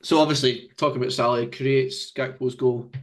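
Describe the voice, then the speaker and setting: A man in casual football banter, hosting the chat. He jokes freely and keeps things moving with questions to the others. His voice sits at an ordinary middle pitch. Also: fairly even intonation, fairly quick. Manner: jokey, leads the discussion with questions. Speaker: podcast host.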